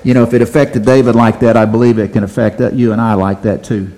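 A man's voice: lowish voice, level tone, quick pace, dark tone. A man preaching a sermon, asking the congregation rhetorical questions and repeating phrases for emphasis.

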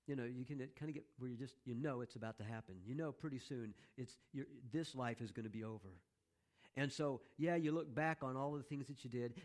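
A middle-aged man preaching a sermon, emphatic, repeating key phrases and slowing down to stress them. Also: medium pitch. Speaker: pastor.

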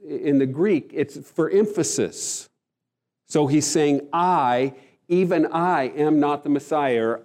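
A man's voice: medium pitch, mellow. A man preaching a sermon, earnest and emphatic, often restarting his phrases. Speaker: pastor.

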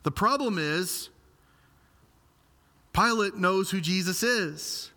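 A man preaches in a lively, explanatory style, reading and unpacking scripture for his congregation. His voice is bright and forceful, sitting a little high for a man. The sound rings with the long reverb of a large hall. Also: slow. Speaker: pastor. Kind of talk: expository sermon.

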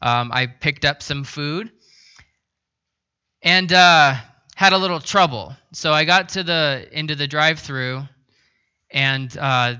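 A man preaching a sermon as a pastor, telling a self-deprecating story in a relaxed, conversational way. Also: a little high, slow, pauses often, smooth, highs cut off.

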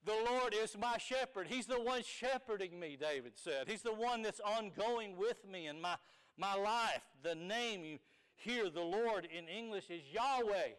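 High, clear-voiced male preacher. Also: lively intonation, a little slow, rough recording. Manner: emphatic, swings from soft to loud; explains Hebrew and Greek words. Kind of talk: sermon.

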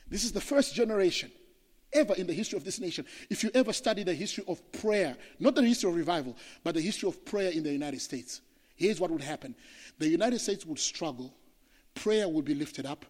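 A man from Zimbabwe, a pastor preaching an impassioned sermon that swings between loud declarations and hushed passages. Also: high voice, lively intonation, quick pace, in a large hall.

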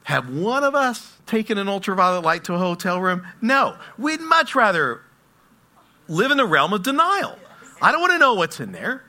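A man preaching a sermon, telling stories and swinging between hushed asides and loud exclamations. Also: high-pitched. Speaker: pastor.

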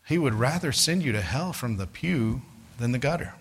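A man's voice: medium pitch, animated, moderate pace, breathy edge. A man preaching a sermon in a conversational way, talking to listeners as "guys" and telling stories from his street witnessing. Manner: tells street witnessing stories, voices others in quotes.

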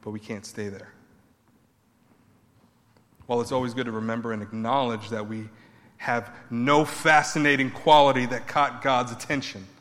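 A man preaching a sermon, building emphatic repeated points and then dropping his voice low. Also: fairly bright tone, long reverb tail. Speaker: pastor.

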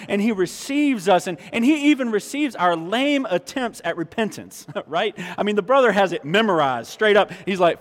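A man's voice: high-pitched, normal speed. Man preaching in an echoing hall. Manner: animated, emphatic preaching with restarts. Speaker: pastor. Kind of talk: sermon. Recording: long reverb of a large hall.

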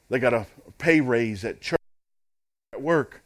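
A man's voice: mid-range voice, expressive, moderate pace, pauses often. A man preaching a sermon as pastor, in an emphatic, repetitive preaching cadence.

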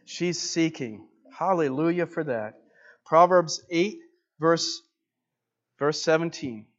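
A man preaching a sermon to a congregation, emphatic, rising loud and then dropping soft. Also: on the high side, takes it slowly, dull audio.

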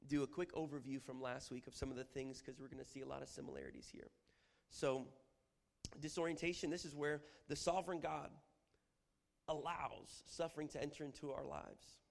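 A man giving a lively, humorous church teaching, acting out prayers as he explains them. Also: mid-range voice, fairly quick, gravelly. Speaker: Bible teacher. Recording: long hall reverb.

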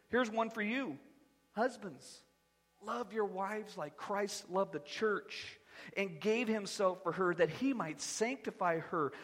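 Male pastor preaching, kinda high voice, lively and jokey, long church hall reverb. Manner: animated, conversational preaching with humor. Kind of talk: sermon. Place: church sanctuary.

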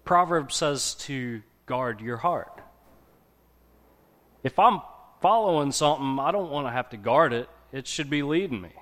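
A man giving a casual, conversational sermon to a congregation, often pausing to check in with his listeners. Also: medium pitch, lively intonation, fairly bright tone. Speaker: preacher.

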